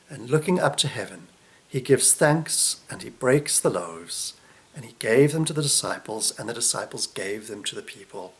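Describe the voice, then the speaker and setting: A man delivering a reflective sermon, unhurried, often dropping soft and low at the ends of phrases. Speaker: preacher.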